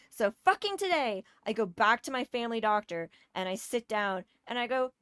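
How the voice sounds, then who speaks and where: Woman, storyteller, exasperated, emphatic, swearing, higher voice, dry close sound. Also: sing-song, moderate pace, few pauses, a bit bright, smooth, no room sound. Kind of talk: casual storytime rant.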